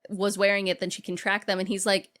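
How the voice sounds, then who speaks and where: Female co-host, casual recap chat, animated quoting of scenes, average pitch. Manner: retells scenes in quick acted-out quotes, swears casually. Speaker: podcast co-host.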